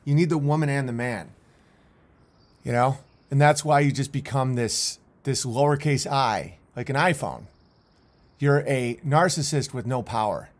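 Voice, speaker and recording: A man's voice: mid-range voice, measured pace. A man commentating on video clips in a rambling, intense way, with many restarts.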